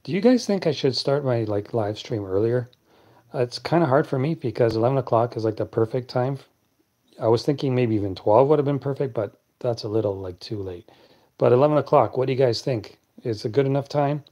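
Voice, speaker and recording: Deep-voiced man chatting on a late stream. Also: a little fast. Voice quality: deep, clear radio voice. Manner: relaxed, chatty, answers viewers by name. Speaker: live stream host. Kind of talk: late-night live stream chat reading comments.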